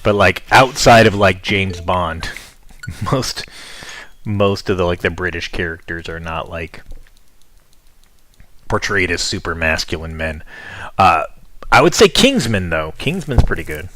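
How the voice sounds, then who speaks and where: A man's voice: low-pitched, a little slow, a bit bright. A young American man chatting with viewers in a rambling, offhand way while playing a game. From United States. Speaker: streamer.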